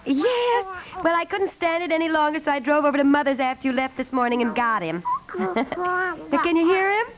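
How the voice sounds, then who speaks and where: A chatty young wife and mother in a 1950s radio comedy, affectionate and fussing in a high voice. Faint noise sits under the old recording. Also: expressive, normal speed, rough recording.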